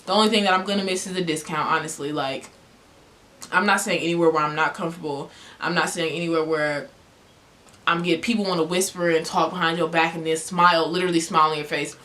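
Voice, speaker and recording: A young woman vlogger telling a story-time tale in a heated, animated way, full of "like" fillers. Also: medium pitch. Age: young adult.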